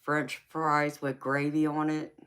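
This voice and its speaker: A woman's voice: sits low, flat delivery, slow pace, fairly bright tone, clean tone. A woman hosting a casual livestream, chatting with her viewers, laughing often and calling them honey and sweetheart. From United States. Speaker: livestream host.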